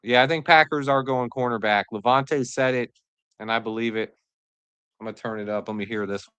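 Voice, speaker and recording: A woman hosting a live draft reaction stream, excitable and joking, answering chat as she goes. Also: very deep voice, moderate pace, clear, resonant tone, no echo, lo-fi sound.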